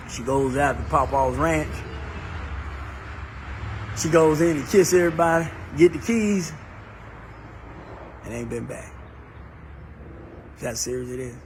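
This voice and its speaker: A man's voice: a little high, a little hiss or hum. A man, a motivational speaker telling a story in a repetitive, preacher-like cadence. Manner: emphatic. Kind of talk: storytelling talk.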